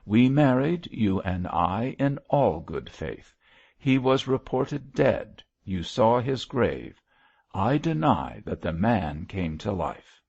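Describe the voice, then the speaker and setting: A man's voice: fairly low pitch, sing-song, a little slow, vocal fry, a little mellow, lo-fi sound, exaggerated voice. A man voicing a passionate, defiant middle-aged wife, speaking vehemently and emotionally.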